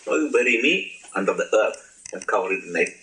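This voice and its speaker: A man gives a loose, joking spiritual talk, asking his listeners questions. His pitch leaps and dips with animation. The old archive recording rings with room echo. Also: expressive, fast talker, sharp tone. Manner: playful, laughing, asks the audience questions. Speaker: spiritual teacher. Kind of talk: informal spiritual talk to an audience.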